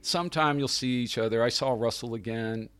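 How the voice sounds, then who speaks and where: Middle-aged male director as guest, mid-range voice, lively storyteller, dry close mic. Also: mid-range voice, fairly quick, smooth, no echo. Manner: animated, acts out quoted people, laughs often. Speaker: guest, film writer and director. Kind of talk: casual anecdotal storytelling.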